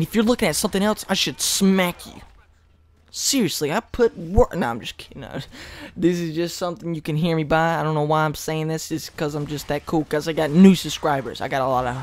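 Teenage male gamer, casual commentary, rambling, self-mocking, close mic. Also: fairly high pitch. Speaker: gaming commentator. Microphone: close desk mic.

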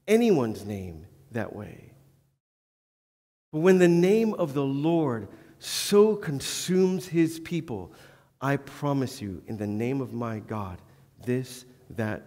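A male pastor with a dark, husky, medium-pitched voice preaches earnestly in a church sanctuary, sometimes making light of himself. The recording has a long church-hall reverb.

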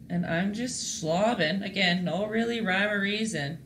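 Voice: mid-range voice, a little slow, a bit bright, a little hiss or hum. Chatty painting teacher, roomy sound. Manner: chatty, encouraging, talks to viewers in chat. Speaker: painting teacher and stream host. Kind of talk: live-streamed painting lesson.

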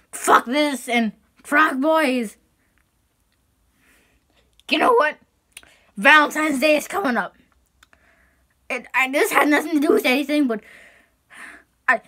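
A woman's voice: high-pitched, bright, forceful tone. A woman hosting her own online show, chatting casually in a rambling, profane way. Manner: rambling and profane, with frequent restarts. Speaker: show host. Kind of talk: casual rambling vlog chat.

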